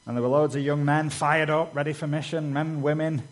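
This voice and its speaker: Over a rough recording, a man from Britain delivers a sermon a little fast, his voice slightly high and steady in tone. He talks conversationally with "you know" asides, acting out stories and quoted lines in a raised voice.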